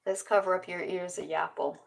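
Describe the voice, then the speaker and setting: A woman's voice: fairly low pitch, fairly even intonation, normal speed, creaky, distant mic. A woman vlogger chatting casually through news items, rambling and thinking aloud.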